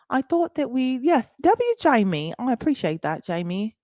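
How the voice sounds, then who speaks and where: A woman's voice: fairly high pitch, big pitch swings, moderate pace, few pauses, dry recording, studio quality. Hyped, swearing woman streamer. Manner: loud, hyped and playful with viewers, swears freely. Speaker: livestream host. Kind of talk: casual livestream chat.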